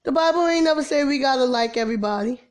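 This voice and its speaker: Woman preacher, slightly high voice, informal impassioned sermon, soft near-whispered asides. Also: animated, fast. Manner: preachy, rising to exasperated emphasis, drops to soft near-whispers.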